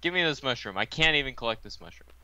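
A man's voice: mid-range voice, animated, fast, highs cut off, background noise. A teenage boy chatting playfully while playing a game with a friend. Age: teens. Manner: playful, joking. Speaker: gamer. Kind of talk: casual gameplay chat.

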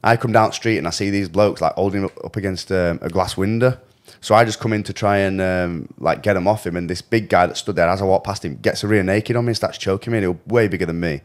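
Fast-talking man telling stories. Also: deep voice. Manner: animated, swearing, laughs while telling stories. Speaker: podcast host. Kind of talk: casual storytelling chat.

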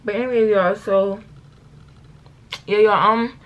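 A woman's voice: mid-range voice, fairly even intonation, a little slow, muffled recording. A teenage girl chatting in a get-ready-with-me vlog at home, rambling through a story in slangy talk, correcting herself and calling out to her viewers often. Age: late teens. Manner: chatty, rambling storytelling, keeps saying y'all. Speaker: vlogger.

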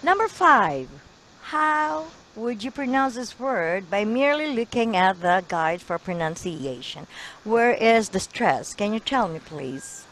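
Woman, English teacher, video call lesson, encouraging, animated pitch. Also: measured pace, slight background noise, low-quality recording. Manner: encouraging, corrects pronunciation, lively pitch.

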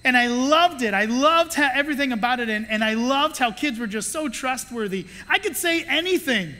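Animated church preacher, bright sharp tone, long hall echo, faint noise behind. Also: sits high, normal speed. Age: adult with children. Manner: animated storytelling that acts out the voices of the people in the story; playful asides. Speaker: pastor. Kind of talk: sermon. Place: church sanctuary.

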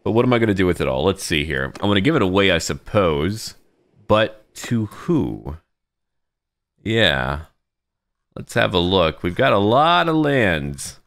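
A man's voice: low voice, big pitch swings, measured pace, fairly bright tone. A man giving casual let's-play commentary, thinking aloud and talking to his troops as he plays. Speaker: gaming YouTuber.

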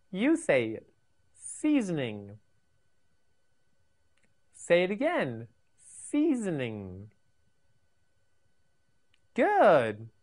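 Slow, sing-song woman teaching vocabulary. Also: on the low side. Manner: slow, sing-song, repeats words for learners. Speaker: English teacher for children. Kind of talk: scripted vocabulary lesson.

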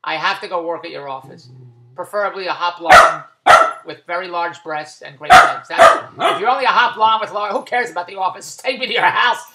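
A man delivering an exasperated comic rant to the camera, loud and full of rhetorical questions. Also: high-pitched, fairly quick, background noise. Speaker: vlogger. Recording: echoey room.

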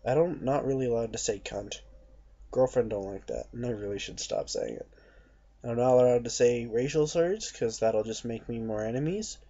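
Young man, husky dark voice, profane mocking rant, dull lo-fi recording. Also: mid-range voice, expressive, moderate pace. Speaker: vlogger. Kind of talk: ranting monologue to camera.

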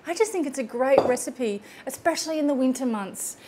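A woman's voice: sits high, very noisy. A chatty woman hosting a casual cooking demonstration in her home kitchen, laughing often. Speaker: cooking show host.

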